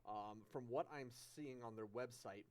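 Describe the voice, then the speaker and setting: Brief: male co-host, relaxed and cheerful, mid-pitched everyday voice. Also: moderate pace. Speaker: podcast co-host. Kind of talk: casual chat.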